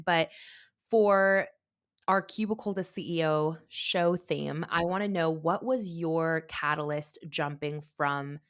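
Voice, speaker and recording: Female host with a deep voice, eager and gushing in interview. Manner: enthusiastic, effusive. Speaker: podcast host. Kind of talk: interview hosting.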